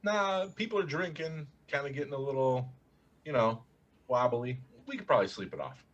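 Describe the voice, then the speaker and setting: A man's voice: mid-range voice, animated, normal speed. A man playing a tabletop game, making easygoing, dry remarks. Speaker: player. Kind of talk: casual play at the table. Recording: dull, slightly noisy mic.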